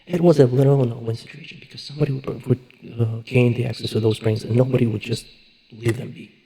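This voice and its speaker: Gravelly, husky man ranting sarcastically. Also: medium pitch, steady tone, fast, dark tone, low-quality recording. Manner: swearing, sarcastic, exasperated, rambling with restarts. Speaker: online show reviewer. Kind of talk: casual ranting review.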